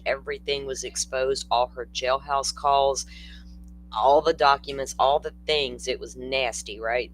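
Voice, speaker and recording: A man's voice: mid-range voice, fairly bright tone, slight background noise, low-quality recording. An older man hosting a true-crime livestream, talking casually and bluntly, answering viewers in the chat.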